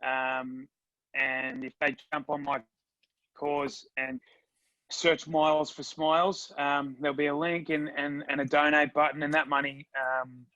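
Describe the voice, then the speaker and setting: Aussie guy, monotone but sharp tone, dull dry mic. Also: mid-range voice, dry recording. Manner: hesitant, many ums. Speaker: charity fundraiser guest. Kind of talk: casual interview.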